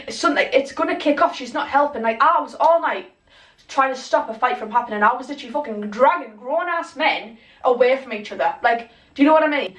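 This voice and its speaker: A young woman telling a story in casual chat, animated, swearing and acting out what people said. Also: sits high. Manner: animated, swears a lot, acts out quotes. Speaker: vlogger. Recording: echoey room, mic at a distance.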